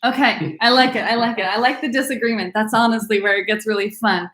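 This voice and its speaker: Upbeat lady running an online wine tasting, kinda high voice, lots of ums, echoey room. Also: fairly even intonation, fast, a bit bright. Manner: upbeat, frequent ums, coaching. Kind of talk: live online class. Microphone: video call.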